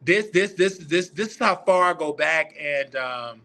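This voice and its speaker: A man hosting his own live show, chatting casually and excitably as he reminisces out loud. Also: a little high, unhurried, hardly any pauses. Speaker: show host. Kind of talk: casual livestream chat.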